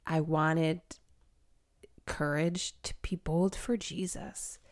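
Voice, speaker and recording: Woman, slightly low voice, faith chat, halting and open. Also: steady tone. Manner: searching, restarts, quick laughs.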